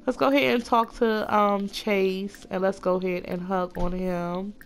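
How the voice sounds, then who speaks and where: A woman chatting casually through a life-sim game, gushing over her characters and voicing them in quick asides. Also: medium pitch, flat delivery, slight background noise. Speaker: Sims let's play narrator. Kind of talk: casual gameplay commentary.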